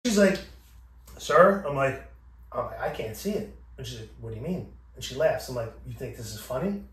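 A man's voice: medium pitch, moderate pace. Profane man telling a story in an echoey room. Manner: profane, animated, acting out both sides of the exchange. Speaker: podcast host. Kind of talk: casual storytelling. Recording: echoey room, distant from mic.

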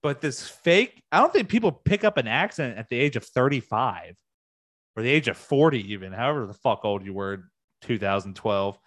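A man's voice: expressive, normal speed, a bit bright, dry recording, clean studio sound. Heated, profane man ranting on a vlog. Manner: heated, profane, with sudden high-pitched outbursts. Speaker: music fan ranting on video. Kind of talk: casual rant.

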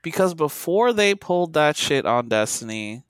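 Man chatting loosely with a lively, swinging pitch. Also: normal speed, clean tone, dry recording, clean studio sound. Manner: loose and profane, with many fillers and restarts. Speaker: podcast co-host, former game tester. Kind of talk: casual podcast chat.

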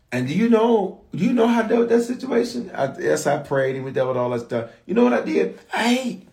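A pastor preaching a sermon, telling stories in a loose, conversational way and jumping up in pitch to drive his points home. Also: reverberant. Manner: conversational storytelling with rising shouts of emphasis.

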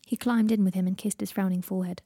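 A woman narrating a fan fiction audiobook in an even, steady storytelling voice. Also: mid-range voice, fast talker, breathy edge, dry recording, studio quality.

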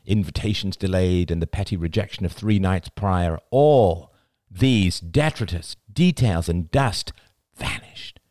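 A man reading a novel aloud as an audiobook, with expressive, dramatic storytelling. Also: low voice, no room sound, clean studio sound. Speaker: audiobook narrator. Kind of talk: scripted audiobook narration.

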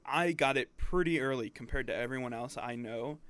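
A young man in his twenties shares stories on a podcast in an easygoing, agreeable way. His voice sits at a middle pitch, and he lets out frequent chuckles. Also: brisk, fairly bright tone, clean tone, dry recording. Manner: laid-back, chuckling, agreeable. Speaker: podcast co-host. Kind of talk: casual chat.

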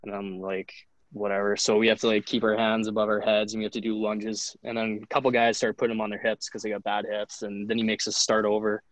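Young man, casual storyteller, lowish voice, dry close sound, loose and profane. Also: completely flat delivery, quick pace, no echo, rough recording. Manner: loose, profane, heavy use of "like". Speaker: podcast guest, hockey goalie.

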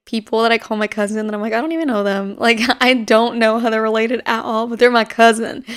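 A woman in her twenties chats casually on her own podcast in a smooth voice on the high side. She rambles through stories with plenty of fillers, laughing now and then.

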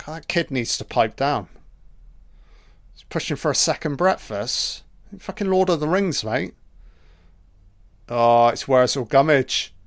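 A man giving a casual, profane running commentary on a film, reacting excitedly to each scene. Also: mid-range voice, a little slow, long pauses.

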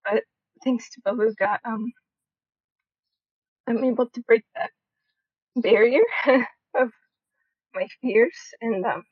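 Husky-voiced shy woman, nervous laughs. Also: a little high, steady tone, unhurried, pauses often, no echo. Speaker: co-host of an online audio room. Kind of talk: heartfelt thank-you speech. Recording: dull lo-fi audio.

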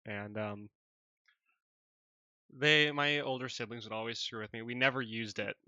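A man's voice: medium pitch, steady tone, moderate pace, sharp tone, no room sound. A man hosting a casual podcast chat, joking loosely and swearing freely. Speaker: podcast host. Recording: dull dry recording.

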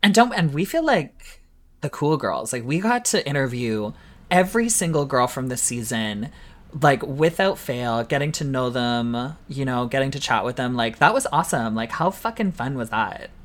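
A Canadian drag queen co-hosting a podcast, animated and casual, swearing freely with lots of likes and you knows. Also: mid-range voice, normal speed.

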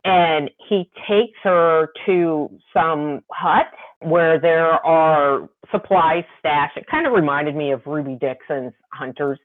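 A woman co-hosting a casual book discussion podcast, animated, laughing often and reading quotes aloud. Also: deep voice, takes it slowly. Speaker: podcast co-host. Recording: tinny phone-like line.

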